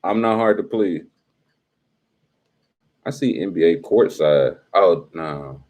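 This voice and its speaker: A man's voice: deep voice, expressive, slow, darkish tone. A young adult man hosting a casual live stream, teasing and talking straight to his chat in slangy speech.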